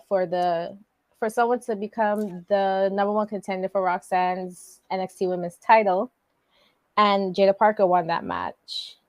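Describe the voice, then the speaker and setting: A woman's voice: mid-range voice, a bit bright, dry recording. A woman co-hosting a podcast, recapping a wrestling show in a loose, rambling way with lots of fillers and slang. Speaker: podcast co-host. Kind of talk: casual wrestling chat.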